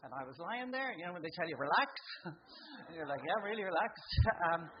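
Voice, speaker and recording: Middle-aged Irish woman, stand-up storyteller with a very animated pitch and a muffled live recording. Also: fast, a little hiss or hum. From Ireland. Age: 40s or older. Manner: conversational storytelling, leaping up in pitch for acted-out exclamations. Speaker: stand-up comedian. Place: live comedy venue.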